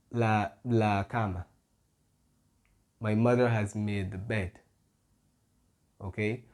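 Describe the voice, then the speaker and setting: A man teaching a grammar lesson, explaining patiently and pausing often with soft "mm-hmm" fillers. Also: fairly low pitch. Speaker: Spanish tutor.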